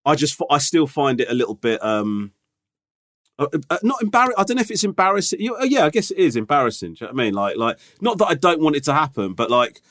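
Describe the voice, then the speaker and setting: Lively man telling stories. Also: on the high side, quick pace. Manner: anecdotal, keeps asking "do you know what I mean". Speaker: podcast co-host. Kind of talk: casual chat.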